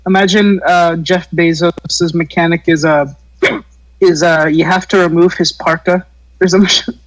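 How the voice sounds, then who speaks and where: High-voiced man, halting casual talk. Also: steady tone, low-quality recording. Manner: hesitant, many fillers, swears casually. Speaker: podcast co-host. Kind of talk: casual chat among friends.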